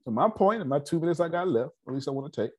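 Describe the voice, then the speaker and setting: A man holding forth at a business meeting, spinning motivational stories in relaxed slang. His voice is husky, and his pitch swoops up and down as he builds to each point, stumbling and repeating words on the way. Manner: repeats words, streetwise slang, dramatic pauses. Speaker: speaker leading a business meeting. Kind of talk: animated motivational storytelling.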